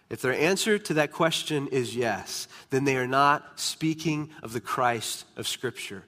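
A man preaching a sermon as pastor, emphatic, slowing down and dropping to a hush on key words. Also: medium pitch, animated. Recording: long reverb of a large hall.

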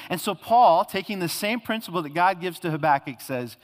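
A man preaches a sermon in a slightly higher voice, his words ringing with the long reverb of a large hall. He talks earnestly and steps into voices of God and the prophet as he teaches. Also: animated, fairly quick, few pauses. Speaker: pastor.

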